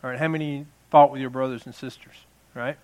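A man's voice: mid-range voice, fairly even intonation, brisk, a little mellow. A man in his fifties preaching a jokey Mother's Day sermon, telling family stories and laughing at them. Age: 50s.

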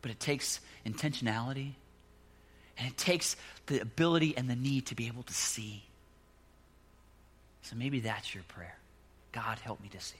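A middle-aged man preaching a sermon, telling a personal story with animated, rising emphasis and closing in a soft prayer. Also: mid-range voice, normal speed, long pauses, breathy edge. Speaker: pastor.

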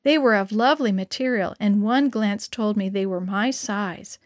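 A woman reading a story aloud for children, gently addressing young listeners as their storyteller. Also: mid-range voice, moderate pace, no echo, clean studio sound.

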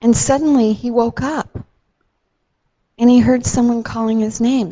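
A woman telling a Bible story to a child, gentle and slow with dramatic emphasis on key moments. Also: a little high, steady tone, low-quality recording.

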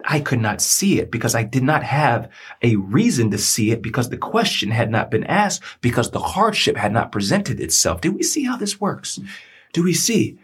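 A man's voice: mid-range voice, very animated, normal speed, slightly rough. A man hosting a podcast, telling a personal story in an earnest, preacher-like way and repeating phrases for emphasis. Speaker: podcast host.

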